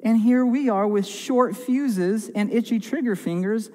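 A pastor delivers an earnest, emphatic sermon, driving his points home through repeated phrases and the odd stumbling restart. His voice sits high for a man. It rings out with a long reverb through a church sanctuary. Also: a little slow, darkish tone.

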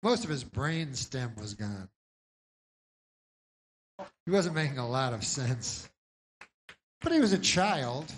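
A man performing a rambling stand-up set, halting and deadpan, with lots of restarts, in a live bootleg recording. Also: medium pitch, slight background noise. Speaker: stand-up comedian.

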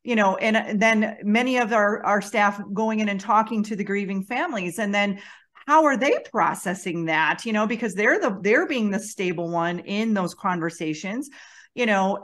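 Female podcast host, mid-pitched voice, reflective and conversational, loose phrasing with restarts. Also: a bit bright. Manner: reflective, many restarts and "you know". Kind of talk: conversational interview.

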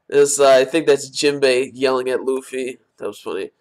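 A man's voice: medium pitch, fairly even intonation, moderate pace, few pauses, darkish tone. A man reacting live to a manga chapter, reading lines aloud and exclaiming often as he goes. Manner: reads character lines aloud in quotes. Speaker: manga reviewer.

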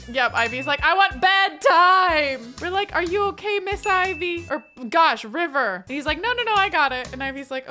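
A woman's voice: a little high, sharp tone. A young woman doing let's play commentary, bubbly and gushing, giving her characters little voices. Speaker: gaming creator.

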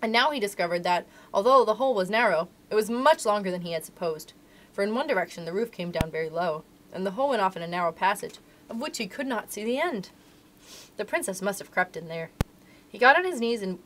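Animated woman reading a storybook aloud. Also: medium pitch, fast talker, slight background noise. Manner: expressive, animated. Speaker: librarian reading to children.

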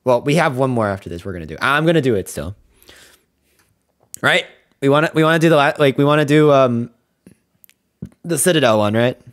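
A man's voice: medium pitch, expressive, fairly quick, long pauses, fairly bright tone. A man streaming a game, talking casually in a rambling, hesitant way with many fillers. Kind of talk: casual live-stream commentary.

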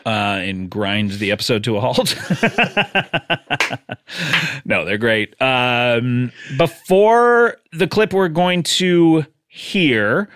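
A man's voice: medium pitch, animated, extremely slow, fairly bright tone, clear, resonant tone, dry recording. A man hosting a comedy podcast, talking in a chatty way with lots of fillers and frequent laughs. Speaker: podcast host. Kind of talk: casual chat.

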